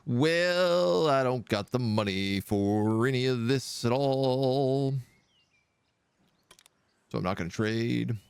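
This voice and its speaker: A man's voice: mid-range voice, slow, creaky, pauses often, clear, resonant tone, no room sound. A man giving casual, wry live commentary while he plays a strategy game, chatting and thinking aloud. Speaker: streamer playing a kingdom sim. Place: living in Quebec.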